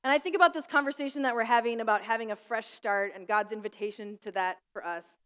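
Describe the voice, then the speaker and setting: A woman's voice: fairly high pitch, fast talker, smooth. Woman pastor in a reverberant hall. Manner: warm storytelling with light laughs. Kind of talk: sermon with prayer. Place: school room used for church.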